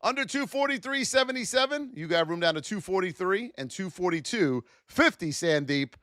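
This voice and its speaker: A man hosting a live trading stream, calling price levels with energetic, hype-filled, sing-song talk. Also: high-pitched, normal speed, dry recording, studio quality. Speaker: trading livestream host. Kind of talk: live market commentary.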